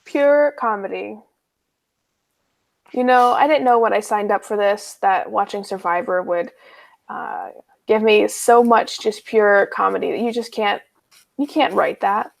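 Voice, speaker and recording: A woman's voice: mid-range voice, measured pace, gravelly. A woman co-hosting a casual podcast chat, amused and easygoing. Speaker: podcast co-host.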